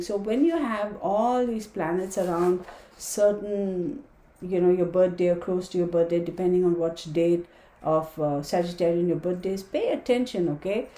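A woman's voice: fairly low pitch, dark tone, roomy sound, a little hiss or hum. A woman giving a casual tarot and astrology talk, reading dates aloud and chatting with viewers. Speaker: tarot reader.

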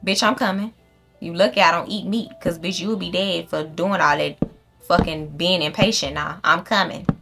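Over music, a gaming channel host plays through a casual game and chats directly with her audience, cursing freely and addressing the in-game animals. Her voice is lowish and fairly even in intonation, with vocal fry, at a normal speed.

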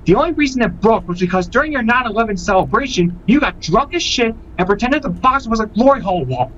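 A man's voice: high-pitched, animated, quick pace, fairly bright tone. A man delivering a scolding prank message. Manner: accusing, scolding. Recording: dull lo-fi audio with faint noise.

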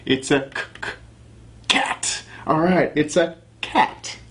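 A young man teaching a children's alphabet lesson, encouraging and sounding out each letter slowly. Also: on the high side, a bit bright. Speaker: phonics teacher.

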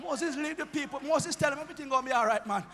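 A Jamaican bishop preaching a sermon in a church, his impassioned delivery rising into chanted shouts. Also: extremely high pitch, quick pace, in a large hall. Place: church sanctuary.

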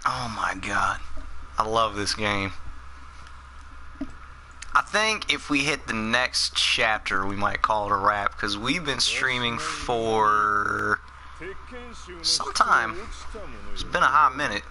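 A young man casually commenting on a fighting game as he streams it, excitable and quick to swear and laugh. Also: on the low side, slight background noise. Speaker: gaming streamer.

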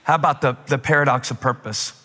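A pastor from South Carolina preaching a sermon, emphatic and energetic, rising to shouts. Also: male voice, medium pitch, fast talker. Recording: long reverb of a large hall.

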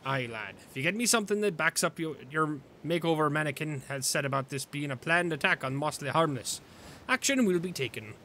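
A man's voice: on the high side, lively intonation, a little fast, pushed and bright, a little hiss or hum. A man voicing a salty pirate captain in a growly pirate drawl, reading game dialogue. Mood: gruff. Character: gruff male pirate captain, salty and stern.

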